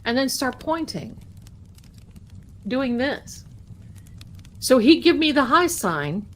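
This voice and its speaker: A woman's voice: high voice, sing-song, slow. A woman hosting a live trivia stream, chatting with viewers and telling a folksy story from her childhood. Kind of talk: casual chat, storytelling to viewers.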